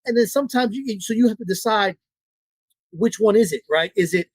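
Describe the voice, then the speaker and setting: High-voiced, husky, blunt dog trainer. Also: male voice, fairly quick, no echo. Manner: blunt, profane, repeats his points. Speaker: dog trainer, interview guest. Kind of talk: casual interview talk.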